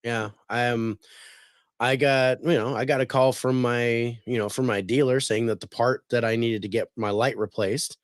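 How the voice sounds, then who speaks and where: A man's voice: medium pitch, fairly even intonation, moderate pace, no echo. Laid-back male podcast host, dry mic. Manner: laid-back, rambling with many fillers. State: recovering from a cold. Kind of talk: casual podcast chat.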